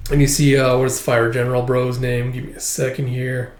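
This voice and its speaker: A man's voice: medium pitch, little pitch movement, fairly quick, darkish tone, echoey room. A man recapping a manga volume in a rambling, casual way, full of fillers. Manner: rambling, filler-heavy retelling. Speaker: manga reviewer.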